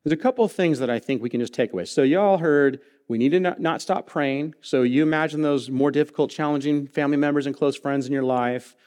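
A man's voice: fairly high pitch, a little fast, hardly any pauses, a little mellow. A man in his thirties, a pastor preaching a sermon in a church, telling a personal story with humor and earnest feeling. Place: church sanctuary.

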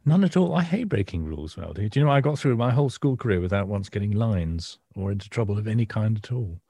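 A man with a Northern English accent, co-hosting an art podcast in a dry, somewhat hesitant, deadpan way. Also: lowish voice, fast, husky, no room sound. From northern England. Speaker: podcast co-host, art historian. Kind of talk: bantering podcast chat.

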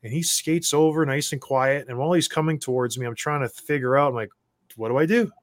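A man, a former hockey enforcer, telling stories as a guest in a casual chat and getting loud as he acts out his own rants. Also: medium pitch, fairly even intonation, fast, dry recording. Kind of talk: casual storytelling.

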